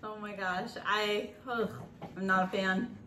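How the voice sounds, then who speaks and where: A woman's voice: mid-range voice, steady tone, measured pace. A woman hosting a casual family snack-tasting video, cheerfully leading the kids. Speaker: host. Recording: echoey room, camera from a distance, faint noise.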